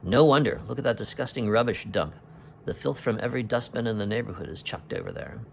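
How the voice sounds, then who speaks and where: A man reading aloud as a gruff, irritable old sea captain from a comic, with blustering exclamations. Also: on the low side, quick pace, slight background noise. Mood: disgusted. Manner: exclamatory, grumbling outbursts.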